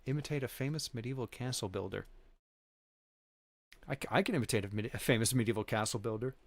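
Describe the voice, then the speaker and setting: Playing on his livestream, this host talks casually and responds to viewers in chat as the game goes on. He speaks quickly in a mid-range voice, and there's no echo.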